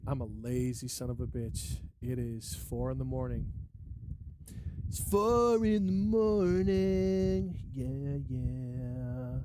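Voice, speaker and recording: A man chats in a loose, rambling way on a live stream, swearing freely and mocking himself. His voice sits high and swings widely in pitch, and he takes his time. Clear background noise runs under the recording. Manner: rambling, profane, self-mocking. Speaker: live-stream music producer. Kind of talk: casual live-stream chat.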